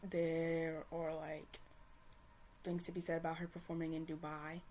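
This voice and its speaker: A woman's voice: low voice, monotone, measured pace, a little mellow, a little hiss or hum. A woman ranting to camera in a casual, heated and profane way, stumbling and restarting often. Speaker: commentator. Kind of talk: casual opinion rant to camera.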